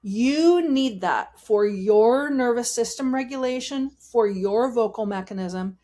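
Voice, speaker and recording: Animated woman vocal coach. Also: fairly high pitch, measured pace. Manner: animated, demonstrates voice techniques while explaining. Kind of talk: interview, explaining voice technique.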